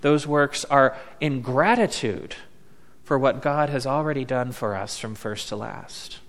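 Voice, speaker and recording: A man preaching a sermon as a pastor, slow and deliberate, leaning on words with emphatic pauses. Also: medium pitch, a bit bright. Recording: long reverb of a large hall.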